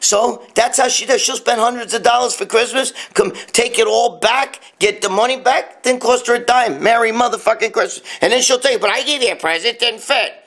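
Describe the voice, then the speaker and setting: A man's voice: very high-pitched, a bit bright. A man in his late fifties hosting a casual live-stream rant, blunt and profane, rambling while answering viewer comments. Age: 50s. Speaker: live show host. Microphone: phone or webcam, live stream.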